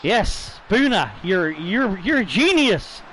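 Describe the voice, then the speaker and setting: Tipsy, high-voiced gamer rambling. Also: male voice, very animated, takes it slowly, fairly bright tone, slight background noise, rough recording. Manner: rambling, chatty, swears casually. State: tipsy, slightly slurring. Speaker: gaming YouTuber host. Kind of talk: casual let's-play commentary.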